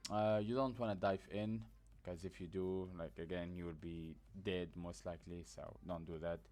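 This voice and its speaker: A man with a very low voice talks through a game map in loose, casual tutorial style. He sounds sleepy, like he just woke up, and he is blunt and rambling, leaning on fillers between points. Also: steady tone, normal speed, a little mellow. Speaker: gaming guide creator. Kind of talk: casual gameplay tutorial commentary.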